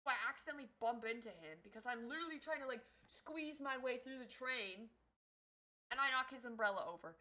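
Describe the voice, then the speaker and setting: A woman streamer telling a story in casual livestream chat, animated and swearing freely. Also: sits high, fairly quick, low-quality recording.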